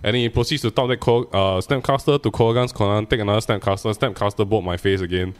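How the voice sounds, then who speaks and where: A man co-hosts a casual podcast chat. He talks through his matches in a rambling way with restarts, and his voice sits a little low. He teases the others between stories. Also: fairly even intonation, fast, smooth. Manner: teasing, rambling game recaps with restarts. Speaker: podcast co-host.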